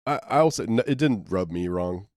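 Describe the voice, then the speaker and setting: A man's voice: on the low side, lively intonation, brisk, a little mellow, no room sound, clean studio sound. A man co-hosting a casual movie review podcast, talking in loose, rambling sentences full of fillers. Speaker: podcast co-host.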